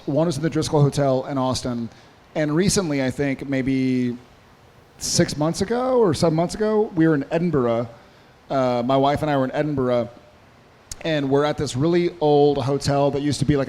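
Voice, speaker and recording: A man on a convention panel telling a rambling, animated story, with restarts and swearing. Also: a little high, big-room sound. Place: convention hall stage.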